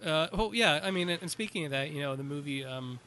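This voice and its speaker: Higher-voiced man recapping a film. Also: expressive, bright, forceful tone, slight background noise. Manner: halting, filler-heavy plot recapping. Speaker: podcast co-host. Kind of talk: casual movie review chat.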